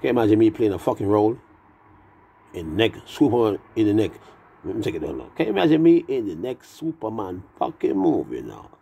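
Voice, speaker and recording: A man's voice: fairly low pitch, sing-song, fairly quick, gravelly, mellow, breathy edge. A man who has been drinking, rambling through a profane, meandering monologue full of wordplay. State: tipsy from drinking.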